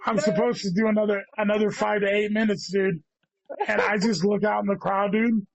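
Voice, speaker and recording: A man with a fairly high voice tells a meandering story in casual chat, cursing freely and saying "dude" constantly. The sound is dry and a bit dull, like a lo-fi recording. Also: level tone, a little fast, gravelly, dry recording. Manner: rambling, heavy swearing, says "dude" constantly. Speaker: guest comedian.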